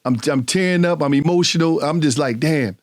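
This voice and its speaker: A middle-aged man telling stories as a podcast guest, animated and profane, often laughing as he talks. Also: on the high side, brisk, no room sound, clean studio sound. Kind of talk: casual storytelling conversation.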